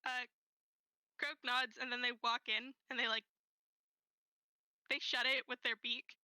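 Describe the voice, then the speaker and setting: A woman narrating as game master of a tabletop game, gentle and unhurried, with many fillers. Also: on the high side, flat delivery, clear, resonant tone, dry recording, rough recording.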